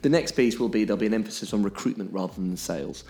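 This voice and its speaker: A man's voice: lowish voice, very fast, darkish tone. A man explaining things on a podcast in an emphatic way, often checking in with "okay?". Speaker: podcast co-host.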